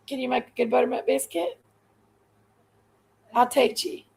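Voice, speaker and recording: A woman's voice: sits high, moderate pace, creaky, a little mellow, slightly rough, low-quality recording. A woman hosting a livestream, rambling along in folksy, casual chat with her viewers. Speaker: livestream host.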